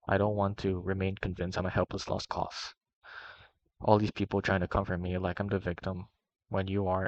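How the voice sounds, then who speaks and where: A man reading a long first-person document aloud in a steady, even way. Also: low-pitched, dry recording. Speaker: reader. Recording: dry, muffled lo-fi voice recording.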